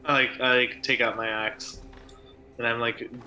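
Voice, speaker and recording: A man's voice: mid-range voice, flat delivery, unhurried, bright, forceful tone. Een man die speelt in een tabletop-spel, wat onhandig en lachend om zichzelf. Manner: awkward, laughing, self-aware. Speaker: player. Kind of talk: casual tabletop play.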